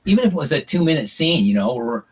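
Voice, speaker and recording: Husky middle-aged guy on a podcast, goes on animated stories, kinda high voice. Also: very fast, distant mic. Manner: animated storyteller, acts out quotes, swears casually. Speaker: podcast guest, former reality show contestant. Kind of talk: casual storytelling interview.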